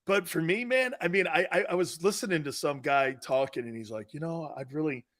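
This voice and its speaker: A man's voice: on the high side, expressive, a little fast, fairly bright tone. A man hosting a sports talk show, ranting in a brash, rambling way and laughing often.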